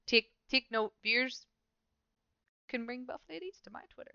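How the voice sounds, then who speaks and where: A woman's voice: fairly high pitch, normal speed, creaky, bright, forceful tone, dry recording, highs cut off. A woman hosting a casual gaming podcast, rambling and self-mocking with frequent laughter. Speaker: podcast host.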